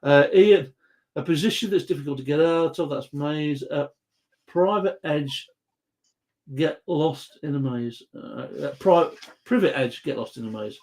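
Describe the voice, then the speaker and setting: A man's voice: a little high, measured pace, a little mellow. A British man hosting a casual live chat quiz, joking and reading out viewer comments. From Britain. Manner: jokey, reads viewer comments aloud. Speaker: host.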